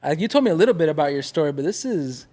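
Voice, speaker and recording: A man hosting a casual podcast interview who mostly listens, with short reactions and relaxed slang. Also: a little high, rapid-fire. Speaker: podcast host.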